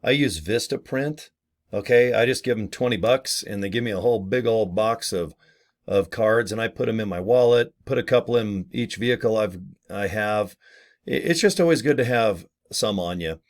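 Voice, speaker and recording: A man's voice: lowish voice, moderate pace. A man giving rambling, jokey advice in a casual video, acting out little scenes as he goes. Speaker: network marketer. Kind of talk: casual talking-head video.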